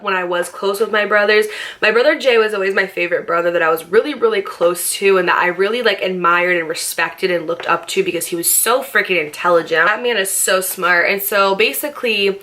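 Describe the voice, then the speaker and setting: A woman's voice: mid-range voice, brisk, sharp tone. A young woman in a casual storytime vlog, chatty and profane, with a lot of "like". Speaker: vlogger.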